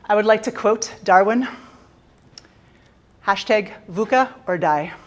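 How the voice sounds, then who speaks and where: A woman's voice: mid-range voice, slow. A Canadian woman giving a playful, jokey motivational talk on a conference stage, teasing the audience. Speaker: keynote speaker.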